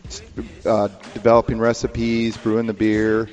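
A man's voice: lowish voice, monotone, moderate pace, a little mellow, dull audio, soft background music. Easygoing male brewer in reverb. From Montana. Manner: easygoing, short answers, many fillers. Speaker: guest brewmaster. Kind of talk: casual radio interview.

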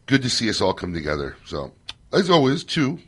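A man hosting a casual radio talk show from a studio, telling stories in an animated, joking way. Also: medium pitch, brisk, slightly rough. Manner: animated storyteller, loose and joking.

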